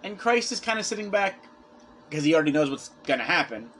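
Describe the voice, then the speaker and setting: A man's voice: on the high side, sing-song, fairly quick, a bit bright, a little hiss or hum. A man preaching a conversational sermon, earnestly retelling a scripture story with quoted asides.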